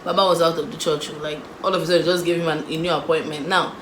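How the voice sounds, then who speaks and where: A young Nigerian woman in a casual storytime vlog, lively and acting out the people in her story. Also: low-pitched, fast talker, echoey room, noisy background. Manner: animated, acts out voices of the people in her story. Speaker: vlogger.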